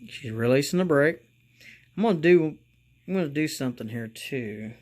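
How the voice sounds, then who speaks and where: A man hosting a casual hobby review video, talking slowly and rambling, getting excited and calling out to his viewers as guys. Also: on the high side. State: congested from allergies. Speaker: model railroad channel host.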